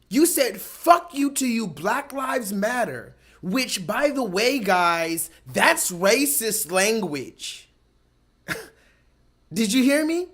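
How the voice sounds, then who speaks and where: High-voiced man ranting on a talk show. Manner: animated, profane, emphatic. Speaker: host. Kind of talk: ranting commentary.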